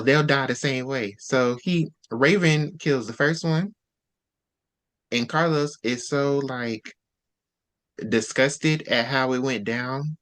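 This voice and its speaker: A man hosting a casual book discussion, retelling scenes with quick quoted dialogue. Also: mid-range voice, fairly bright tone. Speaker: host.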